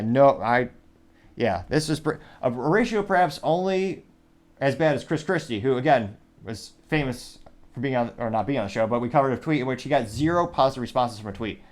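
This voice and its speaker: A male host giving commentary on news and social media posts, reading comments aloud with dry asides. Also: mid-range voice. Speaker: show host.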